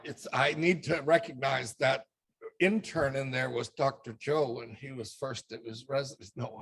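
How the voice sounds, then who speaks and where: Slow husky older man lecturing. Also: a little high, fairly bright tone. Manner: wry, conversational lecturing. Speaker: guest speaker. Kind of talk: presentation talk.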